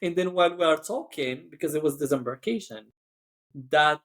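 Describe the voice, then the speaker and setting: A man's voice: a little high, lively intonation, normal speed, fairly bright tone. A man who works as cabin crew, telling a story in a chatty podcast style, full of "like" and acted-out voices. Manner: chatty, acts out quoted voices, frequent "like".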